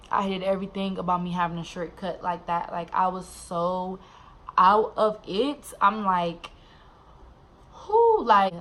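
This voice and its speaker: A young woman tells a personal story straight to the camera, candid and animated, with slang and plenty of "like"s. Her voice sits at a middling pitch. A faint background noise runs under the recording. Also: poor audio. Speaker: vlogger.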